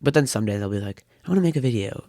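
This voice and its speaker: A man's voice: mid-range voice, lively intonation, rapid-fire, dark tone, dry recording. A thirteen-year-old boy chatting casually as a podcast guest, rambling with a dry wit. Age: teens. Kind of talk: casual chat.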